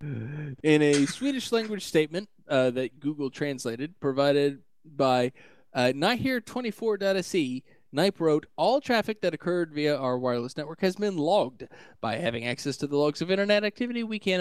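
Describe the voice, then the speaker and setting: A man's voice: a little high, lively intonation, normal speed, no room sound. A man co-hosting a casual tech news podcast, reading articles aloud with stumbles and laughter.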